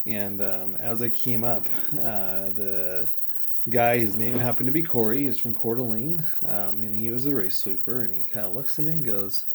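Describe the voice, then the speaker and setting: A man's voice: fairly low pitch, normal speed, darkish tone, slight background noise. A man in his thirties, a triathlete vlogger, telling a race story in a rambling, reflective way, full of fillers and quoted dialogue. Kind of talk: casual vlog storytelling.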